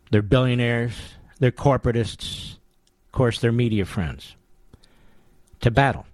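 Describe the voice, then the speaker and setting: A male talk radio host delivers an opinionated monologue with combative, sarcastic emphasis. His voice sits in a middle pitch. The studio sound is dry and close. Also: no room sound. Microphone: studio microphone.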